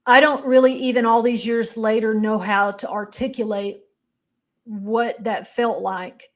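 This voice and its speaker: A middle-aged woman speaks in a fairly high voice as she recounts her own story in an interview. She is candid and emotional, and she often halts and restarts mid-sentence. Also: steady tone, measured pace. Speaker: interview guest.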